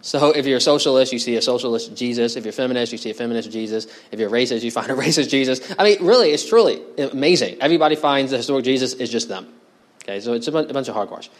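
A man's voice: medium pitch, rapid-fire. Man preaching a sermon to a congregation. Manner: conversational, asks the congregation questions. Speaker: pastor. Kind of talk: expository sermon.

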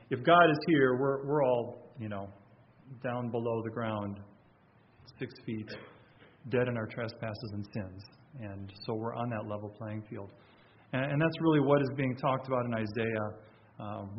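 A man's voice: lowish voice, muffled recording, slight background noise. A man preaching a sermon in a conversational way, often restarting and repeating words. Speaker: pastor.

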